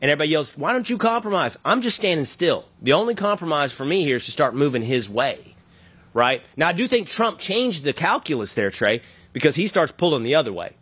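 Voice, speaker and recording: A man hosting an interview, laying out his argument slowly with analogies and asking his guest to respond. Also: on the high side, sing-song, fairly bright tone, breathy edge, no echo. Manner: thoughtful, builds arguments with analogies. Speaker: podcast host. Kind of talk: conversational interview.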